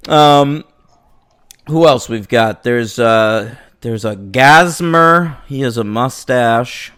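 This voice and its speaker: A man's voice: medium pitch, slow, smooth. A man co-hosting a film review podcast, chatting casually and jokingly, laughing often. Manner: animated, jokey, laughs often. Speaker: podcast co-host.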